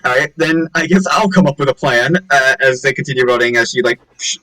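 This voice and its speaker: A man's voice: mid-range voice, a little fast, sharp tone. A man playing a character in a tabletop game, talking in a casual, joking way. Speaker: player. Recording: distant from the mic, faint music.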